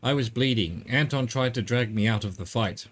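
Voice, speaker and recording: A man's voice: medium pitch, moderate pace, natural voice. A man voicing a grieving, devout old widowed father, reading game dialogue aloud in a subdued storytelling way. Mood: sorrowful. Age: older.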